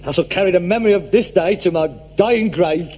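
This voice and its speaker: An actor playing a theatrical, wounded hypochondriac son in a 1960s sitcom. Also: male voice, sits high, a little fast, a little mellow, slight background noise, lightly acted. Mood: melodramatic. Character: melodramatic hypochondriac adult son.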